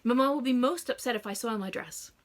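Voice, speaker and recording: A woman's voice: fairly high pitch, a little fast, natural voice. A woman voicing a proper young heroine who speaks anxiously.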